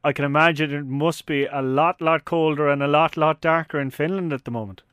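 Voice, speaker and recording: A man's voice: a little high, steady tone, fairly quick, a bit bright, clear, resonant tone, dry recording. An Irish man hosting a sports podcast, friendly and a little hesitant, with frequent fillers. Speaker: podcast host.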